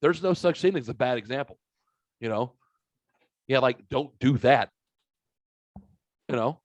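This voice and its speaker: A man's voice: mid-range voice, expressive, unhurried, dry recording. Profane rambling male podcast host. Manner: profane, rambling anecdotes, mimics others' voices. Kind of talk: casual podcast chat, storytelling.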